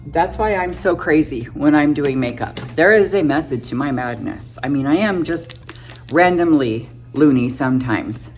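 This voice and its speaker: A woman's voice: low voice, husky. A woman in her fifties, a beauty vlogger, chatting casually and a little self-deprecatingly as she talks through each step of her makeup tutorial.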